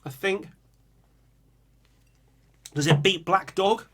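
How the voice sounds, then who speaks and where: A young man runs a music reaction channel, speaking slowly in a high-sitting voice, and the audio is very noisy. Reading viewers' song picks in a casual chat, he animatedly bursts into singing and screamed riffs.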